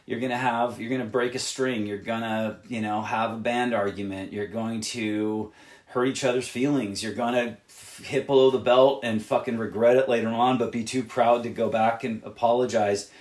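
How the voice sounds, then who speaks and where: A man's voice: mid-range voice, fairly even intonation, normal speed, a little mellow, reverberant. A man who plays in a rock band, giving other bands blunt, rambling advice full of swearing. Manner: profane, emphatic and rambling. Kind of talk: candid advice monologue.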